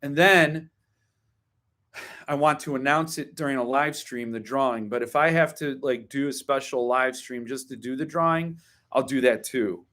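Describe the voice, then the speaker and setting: A man's voice: mid-range voice, normal speed, a bit bright. A man hosting a casual live-stream about books, talking in a chatty, opinionated way that drifts into wry grumbling rants. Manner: chatty, digresses with ums and asides. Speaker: host.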